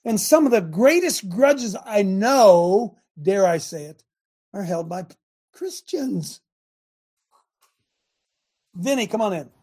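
Fiery husky preacher-style host, loud then soft. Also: male voice, slow pace, pauses often. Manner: animated, swings from loud shouting to low mutters. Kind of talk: preachy call-in show talk.

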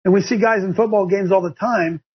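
Fired-up gravelly guy preaching on his show, kinda high voice, dull lo-fi sound. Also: steady tone, brisk. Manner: fiery and preachy, rising to shouts and high mocking voices. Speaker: show host. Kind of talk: impassioned talk show rant.

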